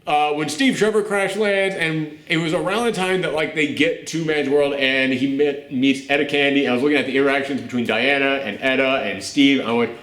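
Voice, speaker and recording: A man hosting a film review podcast at home, gushing and animated, often laughing as he talks. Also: on the high side, a little fast, hardly any pauses, echoey room. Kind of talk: excited casual film review chat. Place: room at home with a dog nearby.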